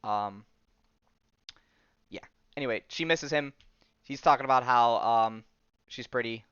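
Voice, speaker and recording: Rambling young man with a smooth voice. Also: medium pitch, a little slow, fairly bright tone, no echo. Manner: rambling and enthusiastic, frequent ums and restarts, slangy. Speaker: podcast host. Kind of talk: casual comic book recap. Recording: dull lo-fi sound, dry.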